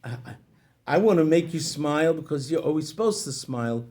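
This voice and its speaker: A man's voice: fairly high pitch, animated, brisk, a little mellow, close to an everyday voice. A man voicing a cheerful, kindly man who is always smiling, with upbeat, friendly greetings. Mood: reassuring.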